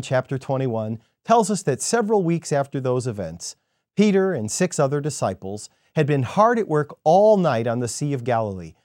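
A man giving a scripted devotional sermon in an expressive storytelling manner. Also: medium pitch, no room sound, clean studio sound. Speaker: devotional speaker.

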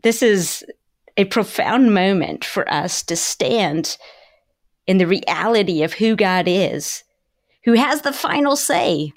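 A woman's voice: medium pitch, lively intonation, takes it slowly. A woman pastor discussing scripture with an emphatic, preacherly cadence, often saying "you know.".

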